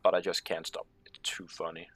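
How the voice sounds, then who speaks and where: Man, low and a bit husky, casual sarcastic gameplay commentary at his desk. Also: completely flat delivery, brisk, fairly bright tone. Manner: muttering, sarcastic asides, swearing. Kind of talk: casual gameplay commentary, reading on-screen text aloud.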